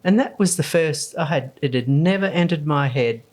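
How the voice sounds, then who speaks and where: Australian woman in her sixties, guest storyteller, animated, acts out quotes. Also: deep voice, normal speed. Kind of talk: storytelling in a podcast interview.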